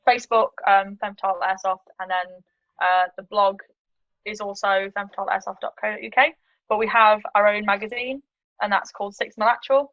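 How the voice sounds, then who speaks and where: A woman's voice: medium pitch, fairly even intonation, brisk, no echo, dull audio. A woman from the United Kingdom, chatting casually and self-deprecatingly as a guest on a video call. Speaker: guest, airsoft player and vlogger. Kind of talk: casual interview chat.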